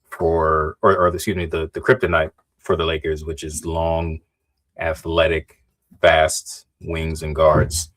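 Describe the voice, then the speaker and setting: Deep-voiced man breaking down basketball. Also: a bit bright. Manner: restarts often and corrects himself politely. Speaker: podcast co-host. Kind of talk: casual sports chat.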